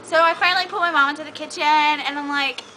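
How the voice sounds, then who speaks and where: A woman's voice: high-pitched, fairly even intonation, quick pace, pushed and bright, a little hiss or hum, poor audio. A young woman telling a casual story in a bossy, chatty way, full of "like", recorded outdoors. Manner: chatty, bossy toward friend, lots of "like". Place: outdoors by a trash can.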